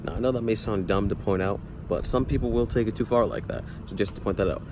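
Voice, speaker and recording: A man's voice: fairly low pitch, fast. A young man vlogging in a casual, rambling way, recorded outdoors. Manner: rambling, filler-heavy. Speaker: YouTuber. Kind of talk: casual vlog talk. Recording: outdoor traffic noise.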